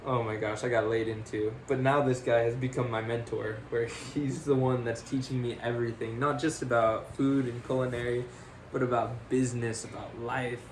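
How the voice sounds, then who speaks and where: A man's voice: medium pitch, normal speed, a little hiss or hum. Young man telling stories, laughing. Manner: animated, laughs often, says "freaking" a lot. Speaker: podcast co-host. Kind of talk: casual storytelling.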